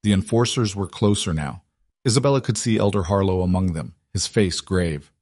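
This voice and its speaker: A man narrating a dramatic story with steady, scripted audiobook delivery. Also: low voice, moderate pace, dry recording, studio quality.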